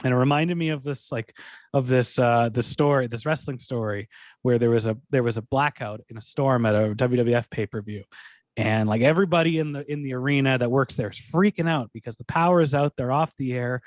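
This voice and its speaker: A man co-hosting a sports podcast, telling stories in a rambling, animated way full of restarts. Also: medium pitch, fairly quick, no echo. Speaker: podcast co-host. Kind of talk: casual sports talk.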